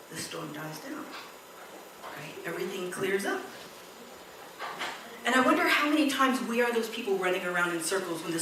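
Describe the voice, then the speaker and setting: A woman preaching a sermon in a church, telling a story with lively quoted voices. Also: lowish voice, background noise. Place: church hall. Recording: echoey church hall, distant mic.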